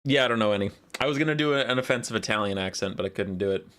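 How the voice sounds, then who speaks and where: A man casting a live strategy game match, calling the action in quick play-by-play and joking with his chat. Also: lowish voice, fairly bright tone. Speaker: esports caster.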